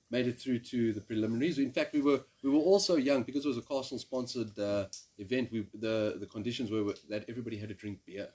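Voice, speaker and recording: A man's voice: medium pitch, fast, a little mellow, husky. A shy, polite man chatting as a guest, laughing nervously and addressing the host formally. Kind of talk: casual chat.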